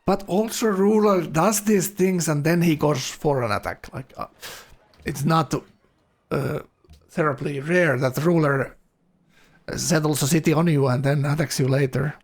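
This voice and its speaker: Brief: male game commentator, gravelly, slightly high, chatty. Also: unhurried. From Finland. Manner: chatty, laughs often, many fillers.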